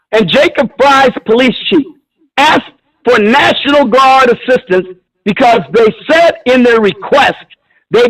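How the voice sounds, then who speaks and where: A man's voice: very high-pitched, fairly bright tone, low-quality recording. A man calling in to a talk show, arguing bluntly and combatively with frequent swearing. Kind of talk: heated call-in argument.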